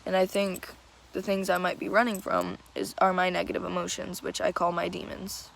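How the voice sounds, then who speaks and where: A teenage girl speaking in a halting, tearful personal confession, searching for words as she goes. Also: lowish voice, flat delivery, gravelly, a little hiss or hum, low-quality recording. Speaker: vlogger.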